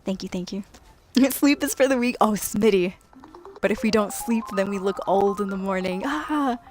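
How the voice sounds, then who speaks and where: A woman's voice: medium pitch, fairly even intonation, moderate pace, darkish tone, soft background music. A woman game streamer chatting casually to her viewers, laughing often and talking straight to them. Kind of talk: casual live-stream chat.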